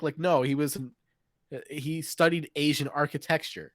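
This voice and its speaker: A man's voice: on the high side, steady tone, measured pace, dry recording. Laid-back man, dry close sound. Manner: laid-back, rambling, drops swear words. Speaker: podcast co-host. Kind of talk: casual chat.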